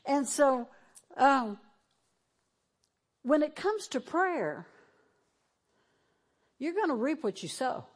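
A woman's voice: sits high, very animated, takes it slowly, long pauses. Woman pastor, televised church sermon, fervent then tearful delivery. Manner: emotional, shifts between fervent and tearful. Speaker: preacher.

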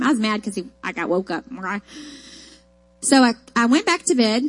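A woman's voice: fairly high pitch, lively intonation, brisk. A woman preaching a sermon, mixing folksy personal stories with emphatic, rising declarations.

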